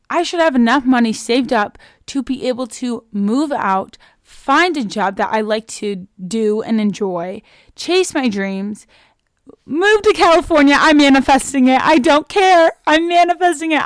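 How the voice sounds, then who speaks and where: Chatty young woman podcaster, smooth voice. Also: a little high, dry recording, studio quality. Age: young adult. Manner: chatty and earnest, many "like" fillers; openly emotional, self-motivating. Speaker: podcast host. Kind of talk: casual solo podcast monologue.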